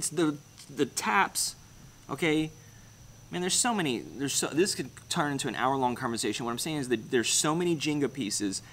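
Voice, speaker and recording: A man's voice: mid-range voice, a bit bright, a little hiss or hum. A young man hosting his channel, chatting casually through viewer comments in a rambling, blunt way and swearing freely. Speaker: channel host. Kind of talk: casual livestream comment chat.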